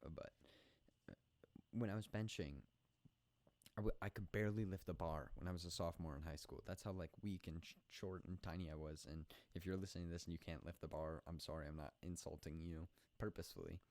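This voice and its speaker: A young adult podcast host records a casual solo episode indoors at home at night, joking about himself, rambling, and restarting a lot. His low, slightly mellow voice holds a steady tone at a fairly quick pace, with no room sound.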